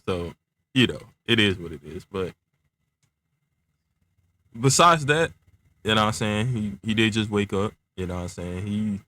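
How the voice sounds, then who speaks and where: A young man casually telling an improvised story, in laid-back slang full of filler phrases, stuttering a little as he talks around clear aligners. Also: lowish voice, sharp tone.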